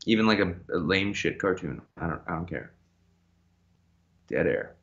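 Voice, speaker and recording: Joking American man, lively pitch. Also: moderate pace, creaky, muffled recording. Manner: profane, joking, laughs often. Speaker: podcast co-host. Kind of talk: casual live-stream chat.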